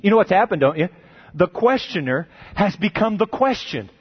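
A man preaching a sermon in a lively, conversational way, often asking his listeners questions. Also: high voice, normal speed, breathy edge. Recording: dull muffled recording.

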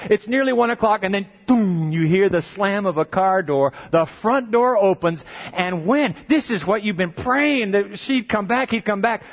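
A man preaching a sermon in a lively, conversational way, often asking his listeners questions. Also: high voice. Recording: dull muffled recording.

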